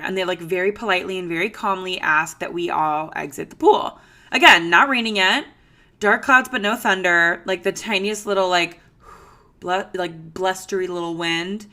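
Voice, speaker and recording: A woman in her thirties hosting a podcast, telling a story in a chatty, animated way with lots of fillers. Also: on the low side, normal speed. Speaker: podcast host. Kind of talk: casual storytelling monologue.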